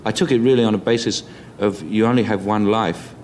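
A man with a Cockney accent, reflecting in an interview and pausing with many ums. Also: on the low side, a little mellow, soft background music. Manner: hesitant, many ums and restarts. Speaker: interview guest.

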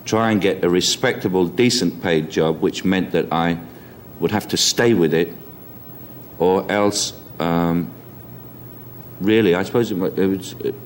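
A man with a Cockney accent, reflecting in an interview and pausing with many ums. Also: sits low, slight background noise. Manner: hesitant, many ums and restarts. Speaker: interview guest.

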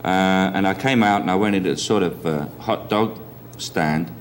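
An older man with a softened Cockney London accent, telling anecdotes in a chatty, repetitive interview style. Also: low-pitched, normal speed, slight background noise. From East End of London. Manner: chatty storyteller, chuckles, repeats himself. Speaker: interviewee actor.

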